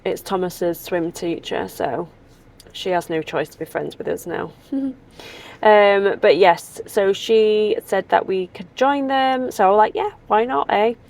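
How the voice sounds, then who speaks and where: A woman's voice: mid-range voice, a little slow, vocal fry, darkish tone. A woman, chatting casually and rambling animatedly as she talks to her vlog audience. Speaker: vlogger.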